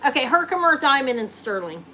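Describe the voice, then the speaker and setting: A woman's voice: sits high, big pitch swings, fairly quick, sharp tone, poor audio. Woman host of a live jewelry sale; casual, chatty, joking, slight background noise. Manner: chatty, joking, thinks aloud while showing rings.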